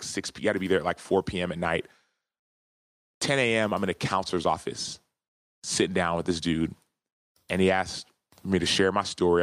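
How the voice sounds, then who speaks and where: A man in his thirties with a low, deep voice shares a personal story as a podcast guest. He speaks earnestly and from the heart, in a relaxed conversational interview. The sound is close and dry, with no room echo.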